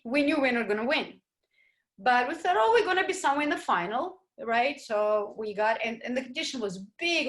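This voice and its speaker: A woman ballroom dancer and teacher telling stories in an interview, animated and expressive and sometimes searching for words. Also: a little high. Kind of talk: interview storytelling.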